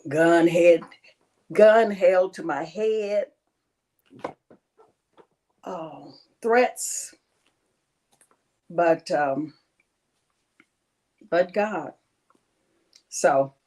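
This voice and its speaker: A woman speaking as an interview guest, telling her story in a halting way with many pauses. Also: fairly low pitch, darkish tone. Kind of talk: personal interview testimony.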